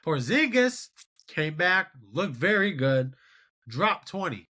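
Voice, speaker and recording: A man in his twenties hosting a solo sports show, giving animated, exasperated commentary on game results. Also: fairly high pitch, takes it slowly. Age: 20s. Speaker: podcast host.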